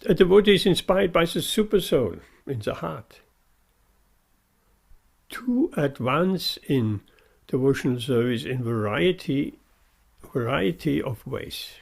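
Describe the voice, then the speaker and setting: A man's voice: on the high side, gravelly, husky. A man giving a devotional sermon, earnest and emphatic, repeating his key phrases. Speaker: preacher.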